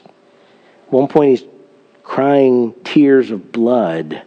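A man's voice: medium pitch, lively intonation, drawn-out words, mellow. A middle-aged man, a pastor, preaching a sermon in an earnest storytelling manner, with emphatic scripture reading.

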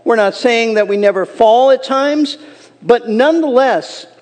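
A man's voice: very high-pitched, measured pace, darkish tone, long reverb tail. A man preaching a sermon as a pastor, earnest and emphatic, reading scripture aloud.

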